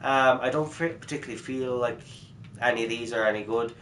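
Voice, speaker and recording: A man's voice: mid-range voice, fairly quick, a bit bright. An Irish man streaming a game, rambling through his upgrades with wry asides and casual swearing. His voice sits mid-range and sounds a bit echoey in the room, with a faint hiss behind. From Ireland. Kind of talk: live gameplay commentary.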